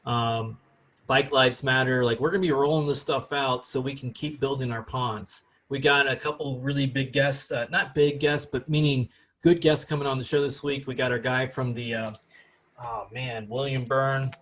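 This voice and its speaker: A man's voice: mid-range voice, steady tone, moderate pace, fairly bright tone. A man hosting a casual podcast chat, rambling with many fillers and restarts. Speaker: podcast host.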